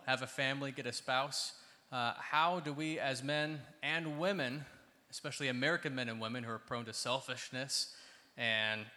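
A young man, an audience member, asking a question in an earnest, measured way. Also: mid-range voice, pushed and bright. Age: young adult. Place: large hall. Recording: long hall reverb.

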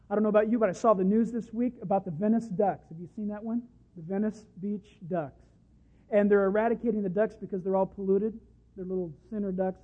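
Man preaching, high voice, impassioned sermon, tinny phone-like sound. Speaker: pastor. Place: church service.

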